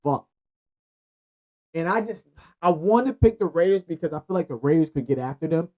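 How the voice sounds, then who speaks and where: A man's voice: on the high side, moderate pace. A man hosting his own sports picks show, rambling loosely and cursing as he runs through the games. He speaks with in an easy, unscripted way. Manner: loose, profane, rambling, lively. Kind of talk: casual sports picks monologue.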